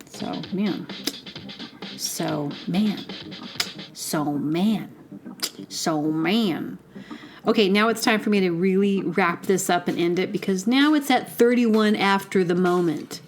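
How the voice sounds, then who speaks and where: A woman's voice: medium pitch, slow, faint music behind. A woman hosting a solo podcast, rambling chattily through digressions with lots of fillers. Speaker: podcast host. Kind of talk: casual solo monologue.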